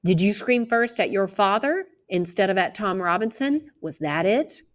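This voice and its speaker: A woman reading aloud, voicing a calm older male lawyer who asks measured, probing questions. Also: mid-range voice, lightly acted.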